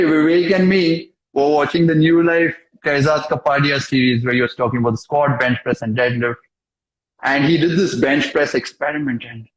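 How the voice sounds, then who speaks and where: A young man with a slightly higher voice recounts events in a casual interview, punching his lines with emphasis and voicing the people in his story. His voice carries a noticeable echo from the room around him. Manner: animated, emphatic storyteller who acts out dialogue and tags lines with "okay?". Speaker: interview guest. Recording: echoey room.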